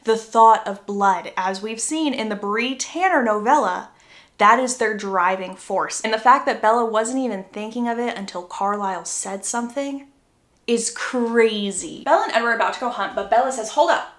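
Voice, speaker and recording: Young female recapper, chatty and animated, a bit high-pitched, roomy echo. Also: moderate pace. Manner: chatty, acts out quotes with pitch jumps. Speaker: book summarizer. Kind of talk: casual storytelling recap.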